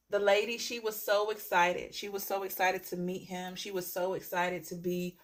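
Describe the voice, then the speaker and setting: A woman tarot reader telling a story to her viewers in a chatty way, often checking in with "okay?" and repeating phrases. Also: fairly low pitch.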